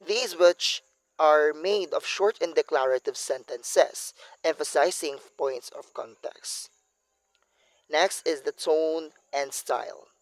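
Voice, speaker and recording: A man's voice: a little high, dry recording, low-quality recording. A young man, carefully reading a prepared academic analysis as a student presenter, with small slips along the way.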